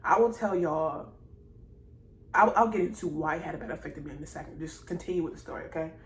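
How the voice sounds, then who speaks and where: Low-voiced young woman in an echoey room. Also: fast talker. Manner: rambling and repetitive, speaks straight to viewers; emotional, apologizing and laughing through tears. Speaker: vlogger. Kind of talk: casual personal storytelling to camera. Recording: echoey room with faint noise.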